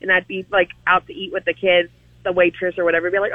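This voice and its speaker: A woman's voice: medium pitch, quick pace, dry recording. A woman calling into a radio show, telling a story and laughing as she chats. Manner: laughing, chatty. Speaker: caller. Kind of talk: storytelling on a phone call. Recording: dry, dull phone audio.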